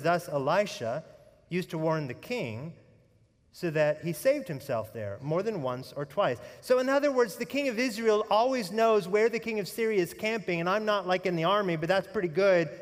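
A man preaching a sermon as pastor, telling the story with animated energy and folksy humorous asides, sometimes dropping to a hushed tone. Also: sits high, big-room sound.

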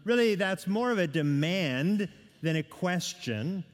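A man's voice: high voice, animated, a little slow. A man preaching a sermon, talking his listeners through a Bible passage in a conversational way, with asides, questions and restarts. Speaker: pastor. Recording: long reverb of a church hall.

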